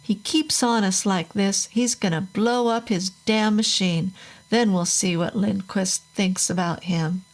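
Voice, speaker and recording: A woman voicing a bitter, hard-drinking factory-worker father with a gruff, bellowing way of talking. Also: medium pitch, fairly even intonation, unhurried, lightly acted. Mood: grumbling.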